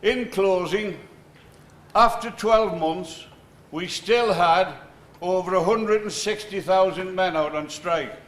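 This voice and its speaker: A man giving a formal commemorative speech in a measured, deliberate way. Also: high-pitched, fairly bright tone. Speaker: speaker at plaque dedication. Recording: echoey room with faint noise.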